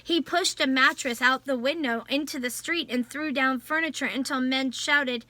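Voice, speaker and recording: A woman reading a novel aloud in a measured storytelling voice. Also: high voice, pushed and bright, no room sound. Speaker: audiobook narrator. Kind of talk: scripted novel narration.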